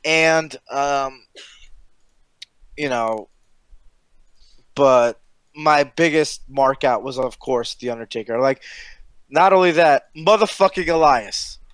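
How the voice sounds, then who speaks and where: A man co-hosting a casual podcast chat, talking in an excited, profane, storytelling way. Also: medium pitch, takes it slowly, pauses often, clean tone, dry recording. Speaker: podcast co-host.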